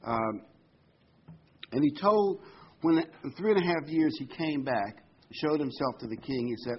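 A man's voice: on the high side, expressive, unhurried, slightly rough, lo-fi sound. A man preaching a sermon, retelling a scripture story with many asides and fillers.

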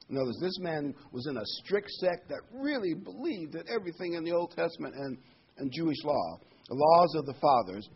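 A man leading a Bible study with a husky voice, reading scripture aloud and explaining it in casual asides. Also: mid-range voice, animated, moderate pace. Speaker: Bible teacher. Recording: dull lo-fi recording.

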